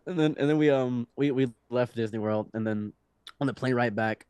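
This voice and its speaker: A young man in his twenties, a podcast guest telling a story in a loose, animated way, with laughs, restarts and swearing. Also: medium pitch, moderate pace. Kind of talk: casual storytelling.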